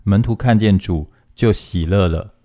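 Guy reading scripture, steady and even, kinda low voice. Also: moderate pace. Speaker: scripture reader. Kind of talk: formal Bible reading.

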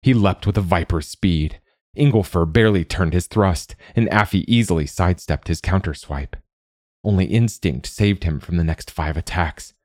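A man narrating a fantasy story in a steady, even reading. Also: low-pitched, normal speed, no room sound, studio quality.

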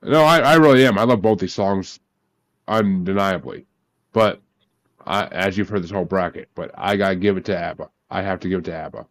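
Lower-voiced male host, swears a lot, keeps an excited group chat moving. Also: a little fast. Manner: profane and enthusiastic. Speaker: podcast host.

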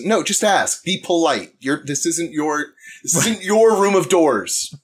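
Lively, sarcastic man podcast co-host. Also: fairly high pitch, unhurried, breathy edge. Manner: sarcastic, swearing, laughing. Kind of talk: casual book discussion podcast.

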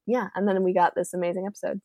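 A woman co-hosting a podcast, telling a story in an excitable, rambling way with many fillers. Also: fairly low pitch, very fast, no echo. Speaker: podcast co-host. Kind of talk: casual chat.

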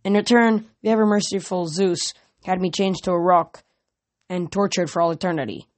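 A man's voice: high-pitched, fairly even intonation, normal speed, natural voice. A young man doing a silky courteous Titan. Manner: smooth, courteous. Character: silky-voiced polite male Titan.

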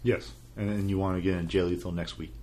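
A man's voice: low-pitched, level tone, fast, mellow. A man hosting a casual wrestling podcast, talking in a loose, rambling way. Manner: rambling, many fillers and restarts. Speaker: podcast host. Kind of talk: casual chat.

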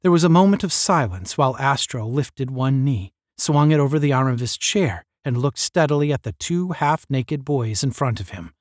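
A man reads a novel aloud as narrator, with a steady storytelling pace. His pitch rises and falls freely. The sound is dry and close. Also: normal speed, hardly any pauses, no room sound.

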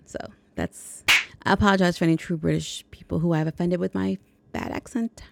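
A woman hosts her own podcast and walks through a film's story in a chatty, joking way. Her voice sits fairly low and has a noticeable gravelly fry. The sound is dry and close, with no room around it. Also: fairly even intonation, brisk, dry recording. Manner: chatty, jokey asides. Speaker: podcast host. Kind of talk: casual movie plot recap.

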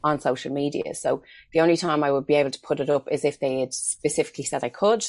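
Brief: middle-aged Irish woman guest, low and gravelly, chatty storyteller. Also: fairly even intonation, quick pace, darkish tone, no room sound. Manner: chatty, storytelling with acted-out quotes. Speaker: guest, makeup artist. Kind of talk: casual interview chat.

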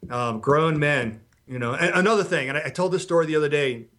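A man's voice: on the high side, fairly quick. A middle-aged man and former Special Forces instructor, telling blunt, profane war stories on a podcast. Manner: blunt, profane, animated storyteller. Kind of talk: podcast storytelling.

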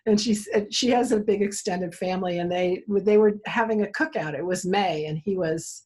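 Woman therapist as interview guest, husky voice, animated storyteller. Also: medium pitch, moderate pace. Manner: animated storyteller, acts out quoted dialogue.

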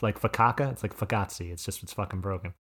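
A man's voice: sits low, fast talker, a bit bright, soft background music. Rambling, cursing New man. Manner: rambling, profane storytelling. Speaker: podcast host. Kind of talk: casual chat.

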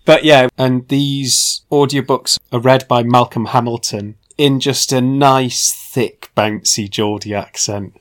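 A man's voice: medium pitch, steady tone, takes it slowly, hardly any pauses. A man from Northeast England co-hosting a podcast, chatting casually about books. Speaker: podcast co-host. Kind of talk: casual chat.

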